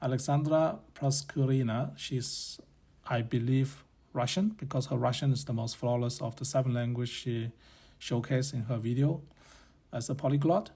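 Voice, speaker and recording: A man's voice: medium pitch, steady tone, moderate pace, dark tone, breathy edge. Blunt man musing aloud. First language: Chinese. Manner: blunt, opinionated, rambling with self-corrections. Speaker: podcast host. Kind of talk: casual opinion monologue.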